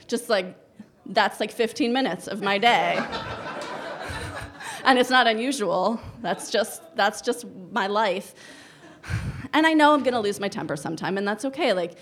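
A woman in her thirties telling a personal story on stage, animated and wry, often breaking into laughter. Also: medium pitch.

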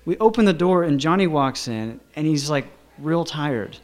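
A man recounts a personal anecdote with a slightly high voice. He talks animatedly, often chuckling and leaning on fillers as he builds the story. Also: moderate pace. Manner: animated, chuckling, many fillers like "you know".

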